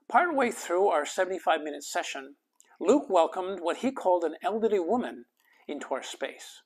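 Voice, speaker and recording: A man from Canada reading his own memoir aloud, soft and intimate, sometimes dropping to a whisper. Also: on the high side, slightly rough. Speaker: author and life coach.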